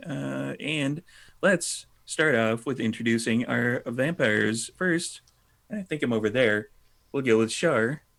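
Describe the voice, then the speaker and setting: A man with a gravelly, rough-edged voice hosts a tabletop game as game master. He chats in a loose, relaxed way and swears casually between announcements. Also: medium pitch, takes it slowly. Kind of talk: casual live-stream chat.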